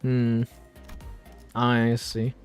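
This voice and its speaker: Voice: mid-range voice, completely flat delivery, extremely slow, clean tone. A streamer chatting casually while playing a story game, thinking aloud and laughing between lines. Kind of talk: casual let's-play commentary. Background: faint game music.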